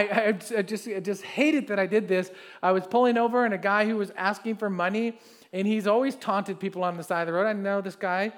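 A man preaching a sermon as pastor, telling stories and reading scripture, swinging from loud to soft. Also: high-pitched. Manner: reads scripture aloud, with fillers and restarts.

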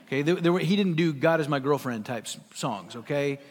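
A man's voice: fairly high pitch, expressive, fairly quick. Emphatic preaching man in a reverberant hall. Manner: emphatic, conversational preaching with rising exhortations. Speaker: pastor. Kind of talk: sermon. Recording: long reverb of a large hall.

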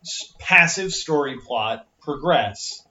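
A man's voice: a little high, lively intonation, slow, bright, forceful tone, muffled recording. A man in his thirties, a game master and podcast co-host, chatting casually, joking, swearing and tripping over his words. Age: 30s.

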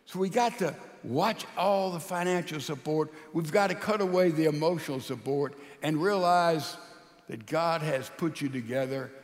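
A male preacher with a high voice delivers a sermon. He tells a story, his voice swinging from loud to hushed. Long reverb trails his words around a large hall. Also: normal speed.

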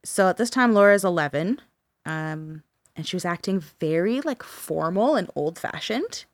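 A woman's voice: lowish voice, animated, moderate pace, no echo. A woman co-hosting a podcast, telling a paranormal story in casual chat with fillers and the odd swear word.

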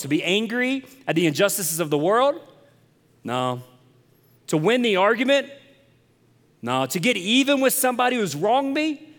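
Earnest pastor preaching in a hall. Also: male voice, on the high side. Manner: conversational and earnest, rising to passionate emphasis. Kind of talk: sermon.

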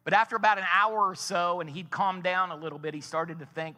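A man's voice: sits high, fairly even intonation, a little fast, hardly any pauses, sharp tone, in a large hall. A man preaching a sermon as a pastor, telling a story in a folksy way and building to emphatic points.

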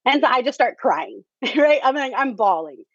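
A woman's voice: high voice, very animated, normal speed, slightly rough, no echo. A woman telling her story in a chatty, conversational way, often leaning on "you know" and "um". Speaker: theater director, interview guest. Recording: dull lo-fi, dry.

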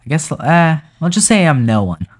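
A man's voice: fairly high pitch, very animated, normal speed. Hesitant man playing a tabletop game. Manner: hesitant, cautious. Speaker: player.

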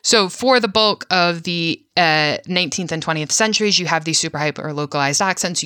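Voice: medium pitch, pushed and bright, clear, resonant tone, no room sound, studio quality. A podcast host delivering a solo film-analysis monologue, hesitant with many filler sounds and frank, casual swearing.

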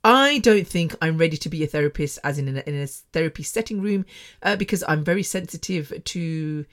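A woman's voice: deep voice, lively intonation, fairly quick. A middle-aged woman hosting her own podcast from her bedroom, talking frankly and emotionally, often laughing and restarting her sentences. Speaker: podcast host. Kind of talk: candid personal podcast monologue. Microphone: microphone.

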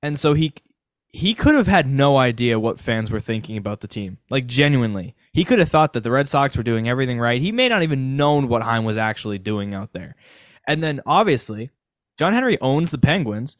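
A man co-hosting a casual sports podcast, thinking out loud with a rambling, speculative way of talking. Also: medium pitch, very animated, a little fast, dry recording. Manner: rambling, speculative, many fillers and restarts. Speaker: podcast co-host.

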